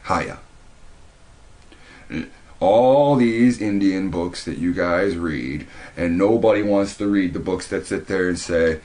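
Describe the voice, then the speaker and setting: A man's voice: deep voice, slow pace, a little mellow. A man giving a preachy commentary monologue, emphatic and repetitive, often restarting his sentences. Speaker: video commentator.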